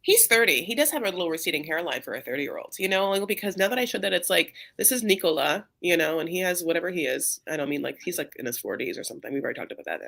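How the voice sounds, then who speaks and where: A woman's voice: fairly low pitch, lively intonation, racing, gravelly, few pauses, fairly bright tone. A woman co-hosting a casual podcast, chatting and rambling with lots of fillers and restarts. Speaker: podcast co-host recapping a reality show. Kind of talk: casual chat.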